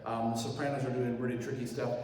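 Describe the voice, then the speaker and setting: A man's voice: medium pitch, level tone, quick pace. A man leading a choir rehearsal in a hall, encouraging and joking with the singers as he gives instructions. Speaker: choir director. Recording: echoey hall from far off, loud piano.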